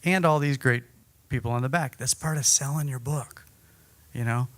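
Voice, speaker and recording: A man giving an energetic, chatty breakout-session talk at a conference, joking about himself. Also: medium pitch, moderate pace. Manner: energetic, chatty, self-deprecating. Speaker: workshop speaker. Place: conference room.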